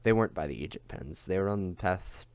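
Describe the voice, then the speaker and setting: A man reading a novel aloud in a steady, unhurried way, on a dull lo-fi recording. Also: low voice. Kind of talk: audiobook reading.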